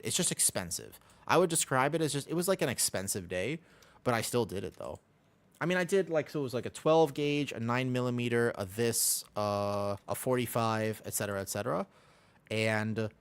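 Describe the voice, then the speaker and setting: An American man chatting casually on a live stream while gaming, rambling along and humming to himself on a desk mic. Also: on the low side. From United States.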